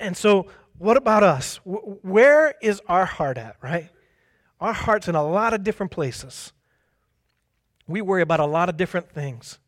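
High-voiced man preaching. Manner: conversational, tags lines with "right?"; acts out quoted speech. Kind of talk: sermon.

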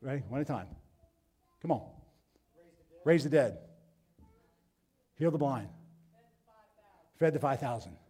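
High-voiced preacher man telling a story. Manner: storytelling preacher, asks the congregation questions, repeats words; swings between loud urging and quiet hushed speech. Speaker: pastor. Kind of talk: sermon.

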